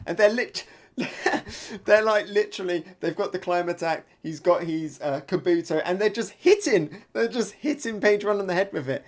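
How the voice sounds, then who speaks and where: A man giving a live reaction review of a comic chapter. He reads panels aloud, laughs often and gets excited at big moments. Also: a little high, moderate pace.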